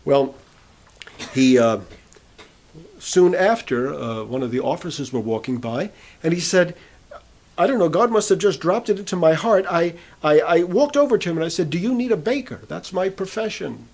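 On the high side and a little mellow, this man's voice is animated yet moderately paced as he preaches. He narrates a prisoner's conversion testimony within his sermon, quoting its speakers in turn.

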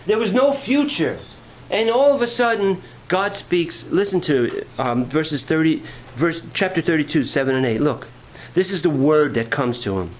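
A man preaching a sermon, shifting from quiet storytelling to rising, fervent preaching. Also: fairly high pitch, sing-song, normal speed, low-quality recording. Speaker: pastor.

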